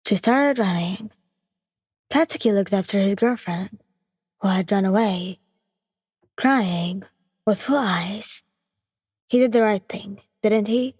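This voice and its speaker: Brief: woman narrator, breathy tone, dry close sound with a long reverb tail. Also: mid-range voice, slow, pauses often, a little mellow. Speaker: storyteller. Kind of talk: scripted story narration.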